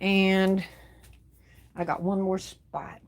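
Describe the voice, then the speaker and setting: A woman's voice: medium pitch, level tone, drawn-out words, gravelly. A woman hosting a casual livestream, demonstrating gift baskets and chatting to viewers as "y'all". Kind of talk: casual live demonstration talk.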